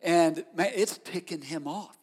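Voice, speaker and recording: Man, pastor, sermon, somewhat high voice, conversational storytelling, long hall echo. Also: unhurried, darkish tone, breathy edge.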